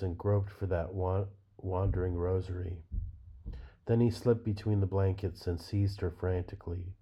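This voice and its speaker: A man reading a novel aloud in a measured, unhurried way. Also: low voice. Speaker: reader. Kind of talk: literary fiction reading. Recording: dull lo-fi recording.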